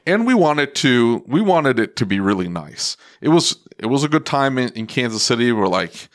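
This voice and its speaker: A man co-hosting a podcast, telling an excitable story in casual chat and acting out quotes. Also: mid-range voice, normal speed. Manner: excitable storyteller, animated quoting. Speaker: podcast co-host.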